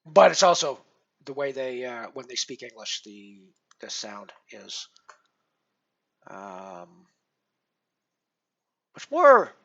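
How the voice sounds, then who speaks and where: Bright-voiced rambling male streamer. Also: medium pitch, sing-song, slow pace, long pauses, lo-fi sound. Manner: rambling, many fillers and restarts; self-deprecating. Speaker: poker streamer. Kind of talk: casual live-stream chat.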